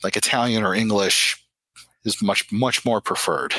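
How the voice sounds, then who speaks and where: A man's voice: on the low side, measured pace, sharp tone, breathy edge, no room sound, heavily acted, rough recording. A man voicing a friendly young female vampire hostess in a tabletop game, chatty and a little hesitant.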